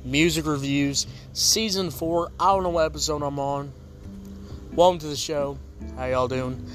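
A man with a somewhat raised pitch hosts a casual music review show. He talks in a laid-back, joking, rambling way, full of fillers and asides. Faint music plays behind him. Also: steady tone, normal speed.

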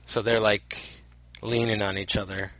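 A man's voice: fairly low pitch, little pitch movement, normal speed, a bit bright, no room sound, low-quality recording. A man co-hosting a podcast in casual chat, rambling and restarting as he speculates eagerly. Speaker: podcast co-host.

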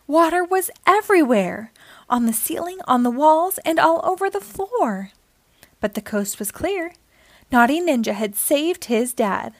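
A woman hosting storytime, reading a children's book aloud with expressive storytelling. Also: sits high, a little slow, dry recording. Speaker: storytime host.

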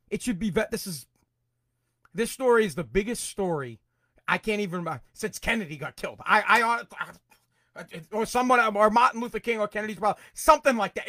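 A man hosting his own podcast, ranting angrily about politics, swearing and repeating himself, at times breaking into shouts. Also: high voice, no room sound, clean studio sound. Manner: angry, profane, repetitive, shouts in bursts. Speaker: podcast host. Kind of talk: political rant.

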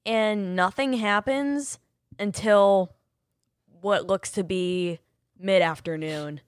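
A woman's voice: mid-range voice, takes it slowly, clean tone, dry recording. Woman reviewing a tv episode, blunt, swears, laughs a lot, dry close sound. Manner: blunt, laughing, swears freely, mimics scenes. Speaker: podcast co-host. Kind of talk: casual TV episode review chat.

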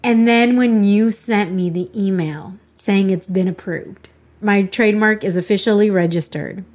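A woman's voice: mid-range voice, unhurried, darkish tone. A woman hosting a podcast interview, chatting casually and gushing emotionally about her own wins. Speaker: podcast host.

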